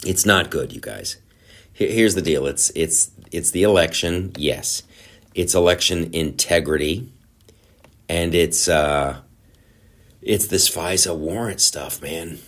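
A man's voice: low-pitched, lively intonation, takes it slowly, fairly bright tone. A male host rambling through a casual, sarcastic comedic monologue, with many restarts. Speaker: show host.

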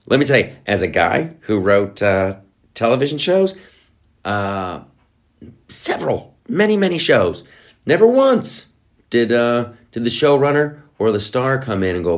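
A middle-aged man hosts a podcast, delivering a casual monologue in a medium-pitched, very animated voice at an unhurried pace. His style is sarcastic and rambling, with many restarts.

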